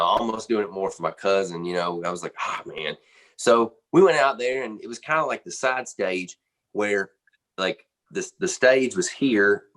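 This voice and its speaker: A man, a band's drummer, telling a backstage story in an animated, casual way, full of "man" and "you know.". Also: fairly low pitch. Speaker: band drummer interviewed.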